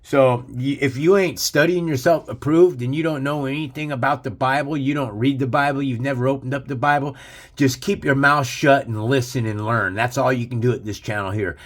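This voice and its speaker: A man's voice: medium pitch, steady tone, brisk. A man holds forth on his channel in a hard, preachy rant. He lectures the listener directly and swears freely. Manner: aggressive, profane, preachy. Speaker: channel host. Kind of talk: ranting religious commentary.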